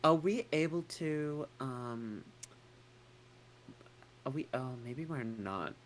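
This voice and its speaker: A woman's voice: very deep voice, animated, slow pace. A woman co-hosting a casual chat, rambling and swearing casually, with a put-on American accent. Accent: non-native English put-on American. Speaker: co-host.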